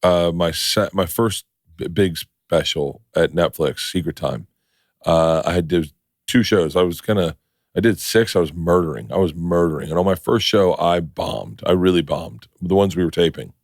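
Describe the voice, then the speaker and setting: A man hosting a casual podcast chat, his low voice sitting close and dry on a studio mic. He rambles and gets excitable, swearing freely as the stories build. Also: normal speed, no room sound. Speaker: podcast host.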